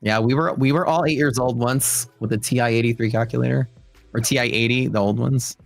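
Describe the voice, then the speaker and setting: With vocal fry in his mid-range voice and faint music behind, a young adult man briskly hosts a trading livestream. He chats casually with his audience and the live chat, joking and acting out stories with playful quoted voices.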